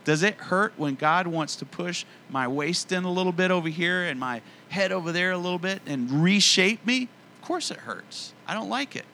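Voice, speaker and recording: A middle-aged man preaching a sermon in an earnest, conversational way, slowing down to stress key phrases. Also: on the high side, sharp tone, a little hiss or hum. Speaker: pastor.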